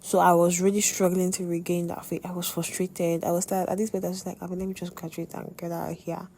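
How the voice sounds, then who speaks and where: A young woman hosting a podcast, telling a personal faith testimony in an expressive way, with sudden exclamations. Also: fairly low pitch, quick pace. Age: young adult. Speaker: podcast host.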